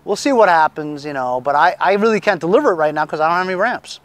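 A man's voice: fairly high pitch, lively intonation, quick pace. A middle-aged man reselling lawn mowers, chatting casually and rambling with lots of fillers. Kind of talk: casual chat.

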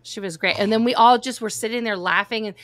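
A middle-aged woman co-hosting a casual live-stream chat, telling stories in an animated way and laughing easily, over a video call. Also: on the high side, fast. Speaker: co-host.

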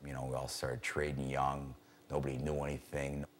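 A male trader tells a story, cursing heavily as he goes, in a low voice. Faint background noise is in the room with him. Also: normal speed. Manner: profane, animated storyteller. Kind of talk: documentary interview.

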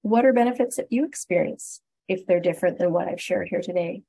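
A woman's voice: lowish voice, fairly quick, vocal fry, mellow, husky, rough recording. A Canadian woman presenting a webinar as a respiratory therapist, upbeat and encouraging, walking through steps one at a time. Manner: upbeat, encouraging, explains step by step. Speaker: guest speaker, respiratory therapist.

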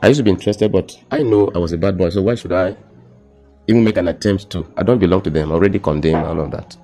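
A young Nigerian man with a Nigerian accent recounts his personal testimony in casual conversation, using a low voice. He halts and repeats words, often slipping into quiet, emotional tones.

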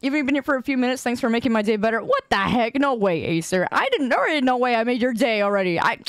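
Giggly high-voiced woman streamer. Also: lively intonation, fast, no echo. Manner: giggly, playfully teasing, laughs often. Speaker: live streamer chatting with viewers. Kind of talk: casual chat with stream viewers.

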